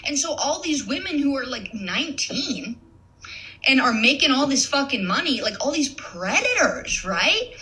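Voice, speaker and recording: A woman's voice: sits high, big pitch swings, normal speed, bright, forceful tone, poor audio. A young woman in a casual, profane rant, blunt and swearing often, laughing as she talks. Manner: blunt, swears a lot, laughs mid-sentence. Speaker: content creator.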